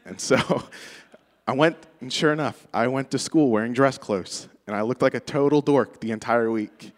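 A man's voice: medium pitch, long reverb tail. A man giving a tribute speech to a church congregation, telling personal stories in a conversational way and laughing often. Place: church sanctuary.

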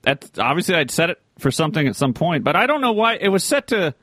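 Guy kinda sheepish, stumbling thru an explanation, lively pitch, dry sound. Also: fast, no room sound. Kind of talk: casual chat.

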